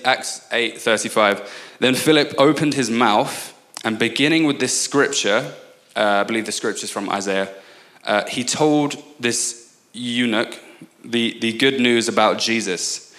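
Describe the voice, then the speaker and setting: A man in his twenties with an English accent, preaching as a guest speaker, earnest and prone to quick asides and restarts. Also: medium pitch, a bit bright. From England. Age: 20s. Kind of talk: sermon.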